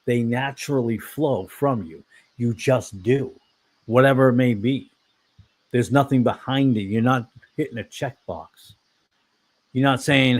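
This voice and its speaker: A man's voice: mid-range voice, measured pace. Blunt, rambling man preaching casually. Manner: rambling, self-correcting, blunt opinions. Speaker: online fellowship discussion host.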